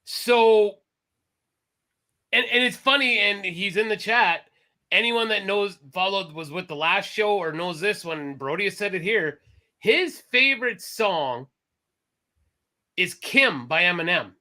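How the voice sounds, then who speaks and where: A man's voice: high voice, unhurried, long pauses. A man co-hosting a casual talk show, rambling and correcting himself as he goes. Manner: rambling, self-correcting, animated. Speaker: podcast co-host. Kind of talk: casual chat.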